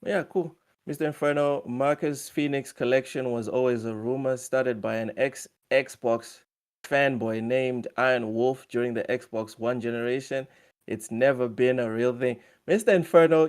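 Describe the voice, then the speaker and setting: A man's voice: mid-range voice, a little mellow. A man hosting a casual gaming live stream, reading viewer comments aloud in a loose, chatty way. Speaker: stream host running a quiz.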